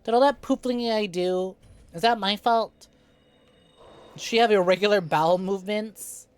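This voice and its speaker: A woman's voice: medium pitch, normal speed, a little mellow, clean tone, no echo. A woman streaming a co-op game, telling rambling, profane stories to her chat in casual talk. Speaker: VTuber streamer.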